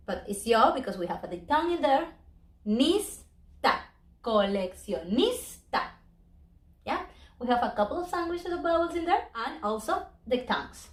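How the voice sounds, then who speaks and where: High-voiced woman teaching in an echoey room. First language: Spanish. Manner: slow, careful spelling out of syllables. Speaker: Spanish teacher. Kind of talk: online language lesson.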